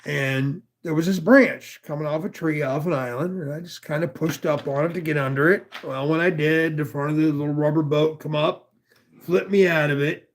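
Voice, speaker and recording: A man from northwestern Pennsylvania spins a long, rambling story in a fairly high voice. He swears freely and keeps drifting into side remarks. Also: steady tone, moderate pace, a little hiss or hum. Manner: rambling and profane, with many asides. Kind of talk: casual chat, telling a long story.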